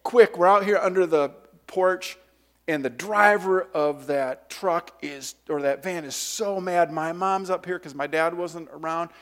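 A man preaching a sermon, telling a childhood story with lively voice and acting out the shouted moments, then leading a prayer. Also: a little high, unhurried. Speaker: pastor. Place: church sanctuary.

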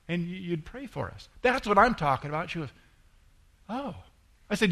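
A middle-aged man preaching as a pastor, with a slightly higher voice than most men. He talks in an easy, conversational way and brings anecdotes to life by acting out the voices of the people he quotes. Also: lively intonation, normal speed, long pauses, a bit bright. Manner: conversational, acts out quoted voices with rising pitch. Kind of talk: sermon with storytelling.

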